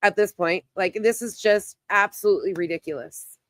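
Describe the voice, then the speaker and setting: A woman's voice: mid-range voice, moderate pace, no echo. A woman hosting a casual livestream who talks bluntly, swears and greets her chat by name, and she is losing her voice. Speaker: livestream host.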